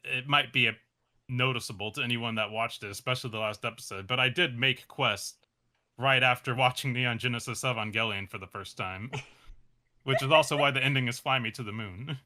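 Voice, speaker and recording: A man with a sharp, bright voice answers interview questions in a loose, casual way. He hesitates often, fills gaps with "um" and "uh," and laughs softly between thoughts. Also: mid-range voice, a little fast. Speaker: animation creator, interview guest.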